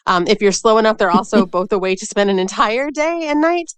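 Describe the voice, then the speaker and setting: A woman's voice: medium pitch, animated, brisk, smooth, no room sound. A woman in her forties speaking as a podcast guest, explaining things with assurance and dry humor. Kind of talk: casual interview talk.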